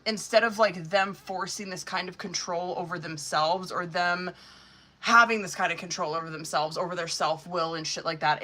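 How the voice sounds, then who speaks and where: A woman's voice: medium pitch, bright, forceful tone. A young woman reading tarot on a live stream, blunt, sassy and full of swearing. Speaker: tarot reader.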